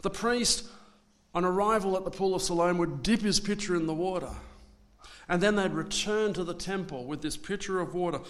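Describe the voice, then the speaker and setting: A man preaching a sermon, swinging between loud dramatic declarations and hushed asides. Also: sits high, normal speed.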